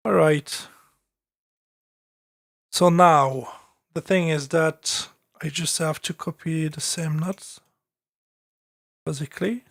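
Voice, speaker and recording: A man's voice: a little high, fairly even intonation, slow pace, gravelly, long pauses, a bit bright, dry recording, studio quality. A man with a French accent talking casually on a live stream as he produces music, thinking aloud with many fillers and restarts.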